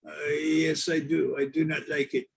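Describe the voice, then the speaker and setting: A man voicing a Frenchman who wants to be a waiter, speaking halting broken English in a put-on French accent over a video call. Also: on the high side, flat delivery, gravelly, slightly rough, pitched below the performer's own voice, exaggerated voice. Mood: hesitant.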